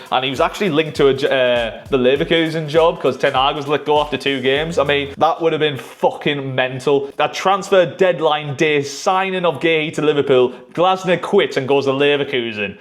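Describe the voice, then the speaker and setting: A man giving animated, opinionated football predictions in a casual vlog, swearing freely. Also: mid-range voice, normal speed, hardly any pauses. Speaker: YouTuber, football fan.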